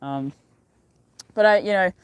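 Live from a mountain peak, a young woman vlogs outdoors in a medium-pitched voice, taking an unhurried pace. Her casual chat is cheerful and rambling, with frequent laughter.

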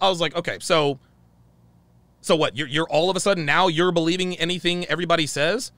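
A man's voice: on the high side, quick pace, fairly bright tone, no echo. A man telling a heated story in a profane monologue, acting out the dialogue he quotes. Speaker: channel host.

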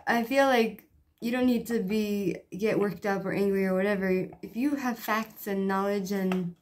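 A woman's voice: mid-range voice, background noise. A woman chatting casually to camera in her small home, peppering her talk with "you know" and light laughs. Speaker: vlogger. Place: small one-room home.

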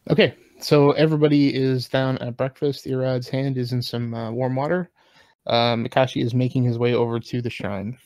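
A man acting as game master, narrating casually with pauses. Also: mid-range voice, little pitch movement, a little mellow, no room sound, rough recording. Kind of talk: running a tabletop game.

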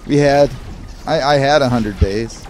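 A man narrating his own gameplay in a loose, rambling way, grumbling about the game and wandering into tangents. His voice sits at an ordinary middle pitch, and he keeps addressing his viewers directly. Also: unhurried, a little mellow, slight background noise. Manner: digressive, grumbling, talks to viewers. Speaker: gaming video creator.

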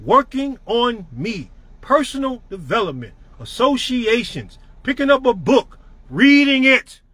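High-pitched man, bright sharp voice, profane preachy motivational rant, middle-aged. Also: sing-song, a little slow, slightly rough, no echo. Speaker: network marketing leader.

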